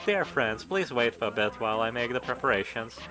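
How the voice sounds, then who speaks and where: A man's voice: mid-range voice, lively intonation, a little fast, natural voice, rough recording. A man voicing a smug, mocking show host. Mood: gleeful. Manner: mocking, theatrical, sing-song. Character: smug cruel male show host staging a trial. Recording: game music behind voice.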